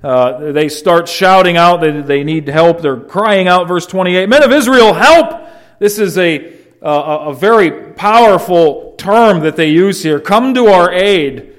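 A man's voice: a little high, measured pace. A man preaching a sermon, explaining a passage verse by verse with rhetorical questions and acted-out quotes. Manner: animated, rhetorical questions, acts out quoted shouts. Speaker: pastor. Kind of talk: expository sermon.

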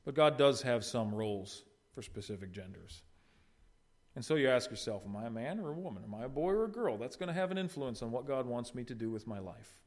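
A man's voice: medium pitch, expressive, brisk, darkish tone. Man preaching in a conversational sermon. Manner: conversational preaching with rhetorical questions and brief retold dialogue. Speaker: pastor.

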